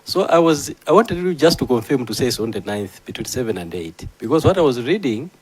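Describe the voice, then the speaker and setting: Husky lawmaker pressing a witness. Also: male voice, mid-range voice, sing-song, brisk, no echo, low-quality recording. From Malawi. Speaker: member of parliament questioning a witness. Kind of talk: formal questioning.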